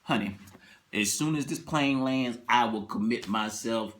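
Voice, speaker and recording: A man's voice: medium pitch, a little slow, voice pushed down, close to an everyday voice. A man doing a frantic, terrified plane passenger. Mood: pleading. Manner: frantic, pleading, bursting into loud cries. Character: panicked male airline passenger, frantic and pleading.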